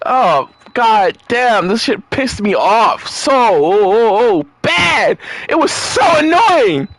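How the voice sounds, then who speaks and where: A man's voice: extremely high pitch, big pitch swings, slow, gravelly, a bit bright. A man playing through a game and reacting to it in casual commentary, with exasperated, profane rants and stumbling restarts. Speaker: gamer reading and reacting to game dialogue.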